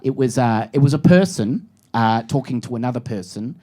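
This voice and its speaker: A man's voice: medium pitch, animated, moderate pace, mellow. A young Australian man with a chatty, self-mocking stand-up manner, dropping crude jokes and tagging his lines with "right?". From Phillip Island, Australia. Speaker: stand-up comedian. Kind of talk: stand-up comedy set. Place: comedy stage before a live audience. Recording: live stage recording with audience noise.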